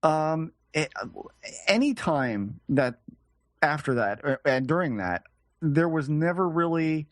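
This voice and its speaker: A male podcast guest recounting a personal experience, halting and searching for words with frequent restarts. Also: on the high side, lively intonation, no room sound.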